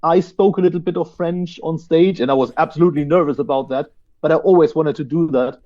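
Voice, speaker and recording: A male band singer and guitarist answers interview questions enthusiastically over a remote line, repeating and restarting words as he begins sentences. His voice is fairly high and he talks fast, though the audio sounds dull.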